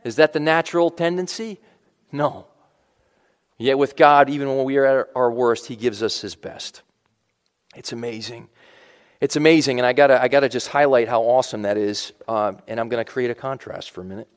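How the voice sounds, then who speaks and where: A man's voice: medium pitch, moderate pace, big-room sound. A male pastor preaching a sermon in a conversational style, with asides and restarts.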